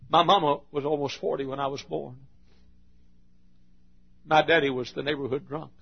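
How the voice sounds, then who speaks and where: A gravelly, husky-voiced middle-aged man preaching with fierce intensity. He swings between booming declarations and hushed, confiding stretches. The recording is dull and lo-fi. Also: steady tone, moderate pace. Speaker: pastor. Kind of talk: sermon.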